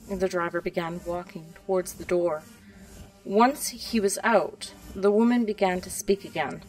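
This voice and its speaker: Female storyteller, calm quiet read, sits back from the mic over soft music. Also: mid-range voice, a little slow, far from the mic, rough recording. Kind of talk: reading a fan story aloud.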